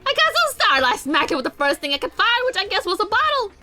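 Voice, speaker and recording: A woman's voice: very high-pitched, sing-song, quick pace, sharp tone, soft background music, pitched above the performer's own voice, heavily acted. A woman voicing a giddy, unhinged young female killer in a video game, reading her lines with cackling, singsong glee. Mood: gleeful.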